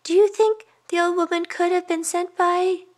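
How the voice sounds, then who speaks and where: A woman voicing the skinny youngest brother in a storybook, high and excited. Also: normal speed. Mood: curious.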